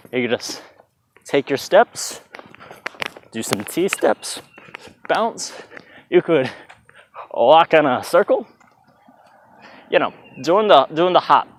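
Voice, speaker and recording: Casual dance teacher, loose and chatty, scats the beat while demonstrating, mid-pitched male voice. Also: a little hiss or hum. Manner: chatty, loose, vocalizes beats with "bah". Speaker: dance instructor. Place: outdoors in hot weather. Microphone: plugged-in mic, sometimes stepping away.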